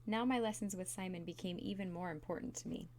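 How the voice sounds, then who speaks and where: A woman reading a chapter of a novel aloud in a calm, steady narrating voice. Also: lowish voice, fast talker, a little hiss or hum. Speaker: reader.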